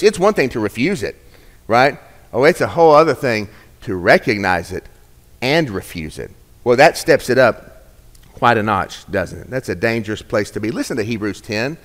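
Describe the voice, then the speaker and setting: A male pastor preaching a sermon, swinging from hushed, slow phrases to emphatic, raised lines. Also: medium pitch, long reverb tail.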